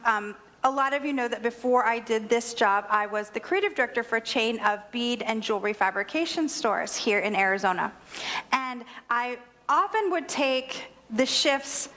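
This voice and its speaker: A woman's voice: on the high side, fairly bright tone. A woman minister giving a sermon, telling a personal story with humor and animation. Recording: long hall reverb.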